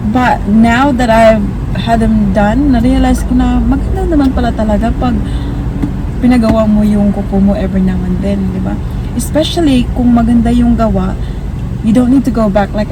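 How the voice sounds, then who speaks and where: A chatty woman with a Filipino accent talks casually to her viewers, drifting between English and Filipino and leaning on fillers. Her voice sits a little high. Steady noise and passing traffic run underneath the recording. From Philippines. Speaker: vlogger, mother. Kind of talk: casual chat to camera.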